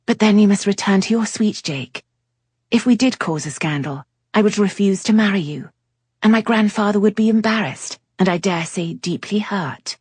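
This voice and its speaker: A woman reading an audiobook voices a prim, fastidious young Englishwoman, raising her voice into a higher, clipped register. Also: a little mellow, husky, no room sound, lightly acted. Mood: firm. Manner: primly exasperated.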